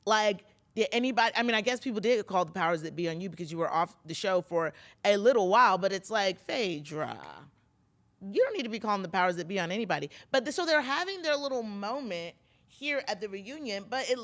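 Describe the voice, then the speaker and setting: A woman's voice: medium pitch, expressive, brisk, fairly bright tone. A woman hosting a casual podcast, recapping reality TV in a chatty, gossipy way and talking straight to her listeners. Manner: chatty, gossipy, lots of fillers and asides to listeners. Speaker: pop culture podcast host.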